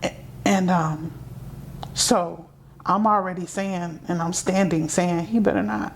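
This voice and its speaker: A woman with a slightly low voice tells her own story as a guest. She tells it vividly and acts out the dialogue she remembers. Faint ambience sits behind her. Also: steady tone, unhurried, a little hiss or hum. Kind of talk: personal storytelling.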